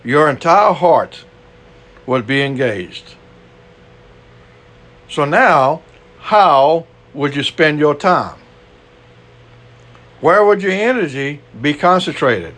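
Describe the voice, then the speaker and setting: Speaking slowly with long pauses, this older Cajun preacher has a slightly high, animated and somewhat bright voice. His sermon is chatty, dotted with asides, rhetorical questions and many "you know"s.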